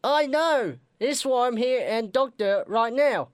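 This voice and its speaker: A man's voice: very high voice, lively intonation, unhurried, no echo, pitched above the performer's own voice. A man voicing a sick, coughing patient with dirty infected wounds, in a put-on British accent. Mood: pleading. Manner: coughing, croaky.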